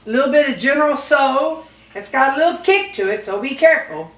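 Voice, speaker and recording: A woman's voice: high-pitched, animated, a little fast. A woman vlogger cooking at home in a casual, folksy way, chatting to her viewers and dogs. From Missouri, USA. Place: home kitchen. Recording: echoey kitchen with sizzling skillet.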